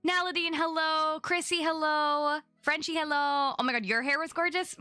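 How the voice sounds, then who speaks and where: A woman's voice: high voice, fairly even intonation, normal speed, sharp tone, no echo, soft background music. A young adult woman chatting casually on her live stream, bubbly and chatty as she greets viewers by name.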